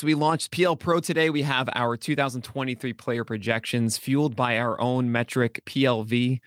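A man appearing as a guest analyst on a podcast, explaining eagerly and quickly. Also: mid-range voice, fairly bright tone, no echo, studio quality. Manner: eager, rapid-fire explainer.

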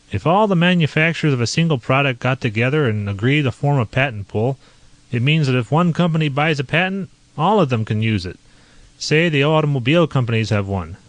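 A man voicing a blunt, self-assured male inventor who talks in a brisk, lecturing way, his voice a bit raised above his narration. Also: mid-range voice, no echo, pitched above the performer's own voice, close to an everyday voice. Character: blunt middle-aged male inventor, sure of himself.

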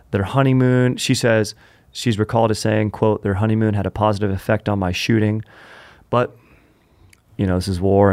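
A man hosting a comedy podcast, telling a history story in an animated, joking way full of puns. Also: deep voice, vocal fry, no echo. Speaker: podcast host.

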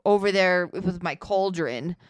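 A woman co-hosting a casual chat about her relationship, animated and laughing, swearing freely as she tells stories. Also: lowish voice, unhurried, no echo, clean studio sound. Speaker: co-host.

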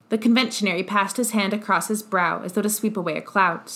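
A woman narrates a classic novel as an audiobook. Her reading is steady and measured at a medium pitch.

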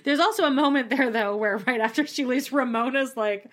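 A woman co-hosting a podcast in casual chat, animated and laughing often, acting out quotes in exaggerated voices and swearing freely. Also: high voice, a little fast. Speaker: podcast co-host.

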